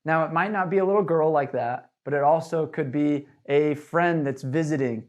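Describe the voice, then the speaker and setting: A man teaching door-to-door sales in an energetic, casual way, with lots of fillers. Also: a little high, moderate pace. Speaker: sales trainer. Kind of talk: sales training talk.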